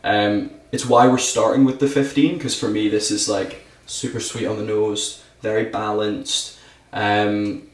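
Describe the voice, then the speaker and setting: A man's voice: lowish voice, level tone, unhurried, reverberant, distant mic. A Scottish man talking about whisky as a podcast guest, eager, saying "absolutely" a lot and talking with his hands. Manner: enthusiastic, talks with his hands, says "absolutely" often. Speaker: distillery ambassador guest. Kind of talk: podcast conversation. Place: podcast studio.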